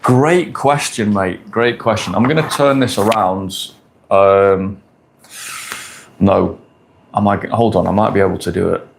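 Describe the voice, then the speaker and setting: Forties male streamer, lowish voice, blunt and crude, casual Q&A delivery. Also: a little slow, vocal fry, a little hiss or hum. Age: 40s. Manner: blunt, crude, confident, repeats points. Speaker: dating coach streamer. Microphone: phone or camera on a stand.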